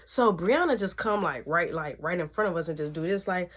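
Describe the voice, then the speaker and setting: A woman's voice: fairly low pitch, expressive, brisk, fairly bright tone. A young woman telling a story in a casual vlog, acting out each person in it.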